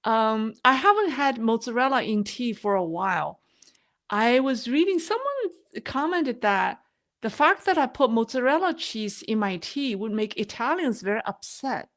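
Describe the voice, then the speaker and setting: A woman, a non-native English speaker, hosting a casual live stream, chatty and quick to laugh at herself. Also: a little high, animated, a bit bright. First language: not English. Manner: chatty, laughs often, self-deprecating.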